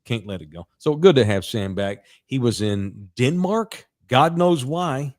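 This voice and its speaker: A man's voice: medium pitch, lively intonation, unhurried, a little mellow. Man telling a crude laughing story. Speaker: podcast co-host. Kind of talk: casual storytelling chat.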